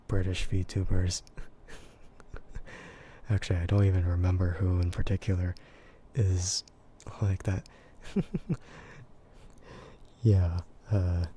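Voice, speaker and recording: An American man chatting in a soft, gentle ASMR voice, relaxed and hesitant with frequent giggles. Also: low-pitched, slow, pauses often, a little hiss or hum. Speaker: VTuber streamer. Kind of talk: soft-spoken ASMR chat.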